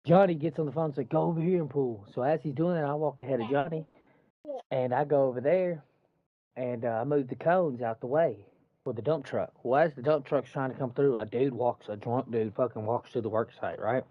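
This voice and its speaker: A man's voice: medium pitch, a little fast, no echo. Cussing man telling a work story. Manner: profane, animated retelling with quoted dialogue. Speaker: construction worker telling a story. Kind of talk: casual storytelling chat. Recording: dull muffled dry recording.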